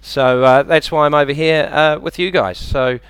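A man with a New Zealand accent doing a deadpan, self-deprecating stand-up set and bantering with the audience on a club stage. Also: fairly high pitch, normal speed, smooth, no room sound. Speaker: stand-up comedian. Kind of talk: stand-up comedy routine.

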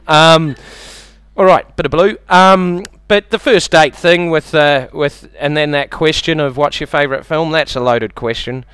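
A man's voice: a little high, fairly bright tone, clear, resonant tone, dry recording. A man with a New Zealand accent doing a stand-up comedy set, chatty and self-mocking, slipping into silly impressions.

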